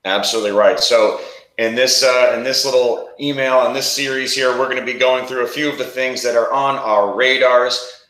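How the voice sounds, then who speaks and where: A man's voice: medium pitch, fairly even intonation, moderate pace, a bit bright, reverberant, poor audio. A man hosting a casual promo chat, talking freely with frequent restarts. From New York area. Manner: chatty, restarts often. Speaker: host.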